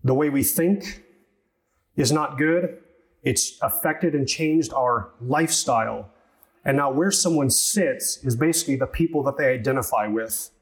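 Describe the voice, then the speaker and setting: Measured male pastor preaching. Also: medium pitch. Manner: expository, measured teaching with rhetorical questions. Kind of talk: sermon.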